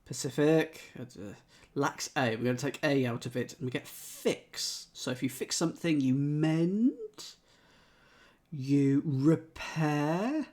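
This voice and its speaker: Male streamer, unhurried delivery, puzzles things out aloud, working through options one by one. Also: fairly high pitch, a little mellow. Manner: muses aloud, methodically tries out letters and words. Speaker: streamer solving crosswords. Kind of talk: thinking aloud, chatting with live chat.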